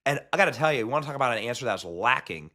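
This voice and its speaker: Male host, bright forceful voice, sarcastic emphatic commentary. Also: medium pitch, expressive, very fast. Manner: mocking, emphatic ranting. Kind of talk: political commentary.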